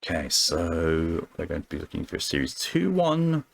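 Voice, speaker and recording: A man's voice: low-pitched, big pitch swings, normal speed, vocal fry. A man streaming live, reading stories aloud and chatting casually between them, with offhand swearing.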